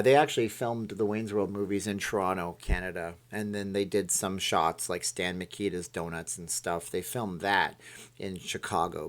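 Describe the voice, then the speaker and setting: Man, live stream host, casual chat, slightly low voice, reads comments aloud, rambling.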